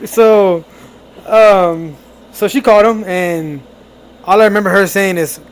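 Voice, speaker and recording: A young man co-hosting a podcast, telling a family story in casual, animated chat with laughs. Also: sits high, slow pace, pauses often, a little hiss or hum. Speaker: podcast co-host.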